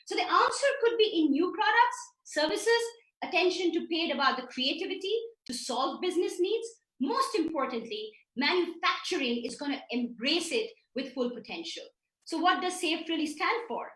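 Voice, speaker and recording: A woman's voice: extremely high pitch, expressive, normal speed, fairly bright tone, distant mic. A woman giving an emphatic business presentation over a video call, walking through her slides. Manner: emphatic, with some restarts. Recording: roomy, from off the mic.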